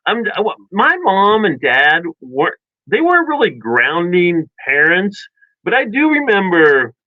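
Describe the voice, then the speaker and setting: A man's voice: high-pitched, unhurried, no echo. Guy on a radio show rambling thru a childhood story, does little voices for his family, slightly muffled broadcast sound. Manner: rambling, animated storyteller acting out family quotes. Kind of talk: casual storytelling chat. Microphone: studio microphone.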